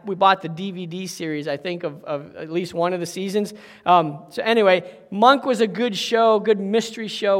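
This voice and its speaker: A man's voice: high-pitched, a bit bright. A middle-aged male pastor preaching a sermon in a folksy, chatty way, with many asides and okays. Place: church sanctuary. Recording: echoey hall.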